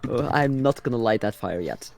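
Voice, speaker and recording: A man's voice: mid-range voice, expressive, moderate pace, gravelly, darkish tone, slight background noise. A man playing a tabletop game, making dry, joking remarks in casual chat. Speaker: player.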